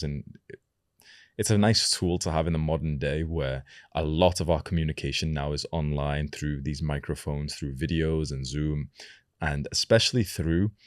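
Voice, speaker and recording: A young man giving a self-improvement lesson to camera, speaking slowly and deliberately and letting his pitch fall at the ends of sentences. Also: no room sound, clean studio sound. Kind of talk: instructional talk to camera.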